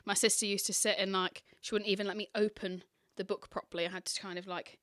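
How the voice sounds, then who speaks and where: A woman primary teacher talks in a chatty, lively way, filling her answers with little fillers. Her voice sits in a middle pitch and is recorded close and dry, with no room echo. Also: fast. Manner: chatty and animated, with lots of fillers. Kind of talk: casual interview answers.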